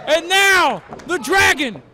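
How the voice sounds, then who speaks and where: Excitable male ringside announcer, very high pitch, frequent shouts and exclamations. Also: slow, a crowd in the background, background noise. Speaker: play-by-play wrestling commentator. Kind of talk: excited live play-by-play commentary.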